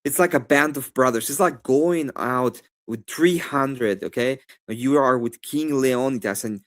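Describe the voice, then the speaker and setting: A man with a Spanish accent, debating on a live stream in a rambling, animated way with many fillers and restarts. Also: mid-range voice, unhurried.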